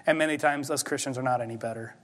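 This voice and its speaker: In a church sanctuary with hall reverb, a male pastor delivers a sermon in a conversational style that rises to emphatic peaks. His voice is mid-range and fast.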